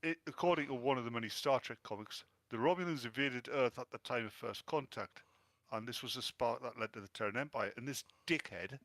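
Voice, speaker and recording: A mid-pitched man rambles through an opinionated rant on a podcast, restarting his sentences as he goes. The mic is dry and close, with no room sound. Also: brisk, fairly bright tone, no echo. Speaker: podcast co-host. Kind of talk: casual chat.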